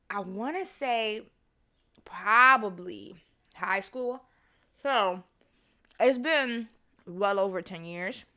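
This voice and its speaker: A woman, hosting a casual solo podcast and telling stories in a lively, profane way while she eats. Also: medium pitch. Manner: animated storytelling, swears freely, mimics her own voice. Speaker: podcast host.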